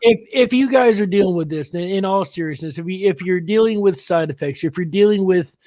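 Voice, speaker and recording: A man's voice: high voice, brisk, darkish tone, no room sound. A man hosting a casual panel chat, laid-back and full of fillers. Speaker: host.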